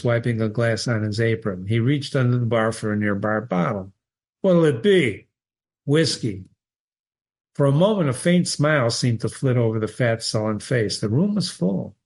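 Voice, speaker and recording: A man reading a short story aloud in a measured, steady way. His voice sits at a middling pitch. Now and then he trips on a word and restarts. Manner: measured, with occasional slips. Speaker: reader.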